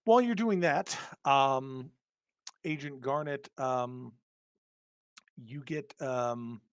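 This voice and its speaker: A man running a tabletop horror game as game master, describing scenes with many pauses and filler words. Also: medium pitch, clean tone, no room sound.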